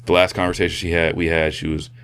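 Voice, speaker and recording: A man, a podcast guest, sharing a personal testimony in a halting, soft-spoken way with many fillers and restarts. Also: low-pitched, little pitch movement, clean tone. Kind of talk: personal testimony in casual conversation.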